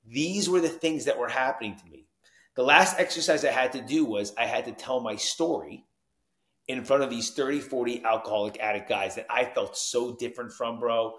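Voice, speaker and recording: A man's voice: mid-range voice, moderate pace, reverberant. A man from New Jersey, a recovery coach, telling his story as a podcast guest, acting out the lines of the people in it. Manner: animated, acts out quoted dialogue, frequent "you know what I mean". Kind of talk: storytelling in conversation.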